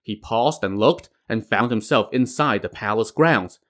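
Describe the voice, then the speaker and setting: A man's voice: fairly low pitch, unhurried, a bit bright. A man narrating a classic tale with wry, conversational asides. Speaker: storyteller. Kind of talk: storytelling narration.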